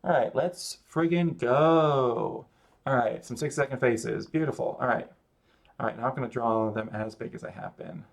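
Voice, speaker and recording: A man's voice: mid-range voice, fairly even intonation, a little fast, vocal fry. A man chatting casually while he draws on a live stream, giving a rambling, self-mocking running commentary. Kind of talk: casual chat while drawing.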